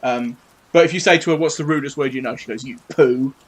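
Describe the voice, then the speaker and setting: This British model-painting livestreamer, a man in his thirties, talks fast in a fairly high voice with a breathy edge. He banters cheekily and swears in fun as he paints at his desk at home during the stream. Audio quality is poor.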